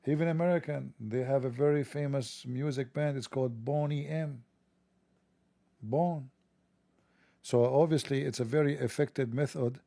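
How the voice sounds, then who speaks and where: Gravelly, dark-voiced man mocking sarcastically. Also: medium pitch, no echo. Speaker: livestream host. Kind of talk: mocking monologue.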